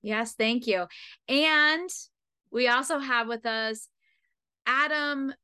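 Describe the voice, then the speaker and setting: A woman's voice: fairly high pitch, slow pace, pushed and bright, clear, resonant tone. A woman from Pennsylvania co-hosting a podcast, chatty and rambling with plenty of fillers. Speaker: podcast co-host. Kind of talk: casual chat.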